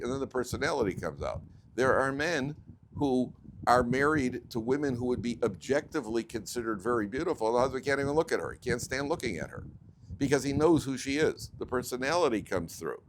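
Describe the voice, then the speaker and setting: A man with an American accent, a rabbi giving a joking, digressive Torah lecture with sudden jumps in pitch. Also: slight background noise. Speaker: rabbi teaching a weekly Torah class.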